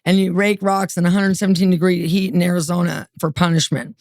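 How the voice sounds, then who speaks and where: A woman telling her story as a podcast guest, lively, acting out what others said. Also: fairly low pitch, brisk, dry recording, studio quality. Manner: animated, acts out quoted voices.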